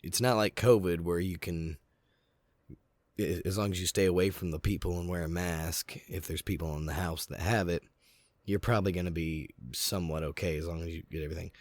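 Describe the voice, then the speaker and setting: A man's voice: deep voice, fairly even intonation, fairly quick, a little mellow, no echo. A man co-hosting a podcast, telling a candid, rambling story in casual chat while getting over a sore throat. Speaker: podcast co-host. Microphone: podcast mic.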